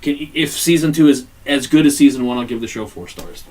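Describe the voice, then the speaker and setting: On a casual podcast, a male co-host reviews a TV show, retelling the plot with free swearing and acted-out quotes. His medium-pitched voice is brisk, and the recording is rough with a distant mic.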